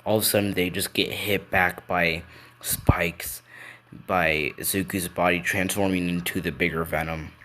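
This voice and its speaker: A man's voice: deep voice, steady tone, moderate pace, bright, forceful tone. A man improvising a fan story, rambling and correcting himself as he goes.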